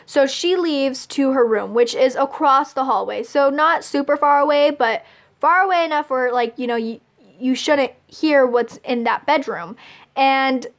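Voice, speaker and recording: Girl in her late teens or twenties talking to her camera, high pitched, rambly, says like constantly. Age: young adult. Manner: fills nearly every phrase with "like"; chatty, confessional, laughs between lines. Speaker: vlogger. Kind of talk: casual storytelling to camera.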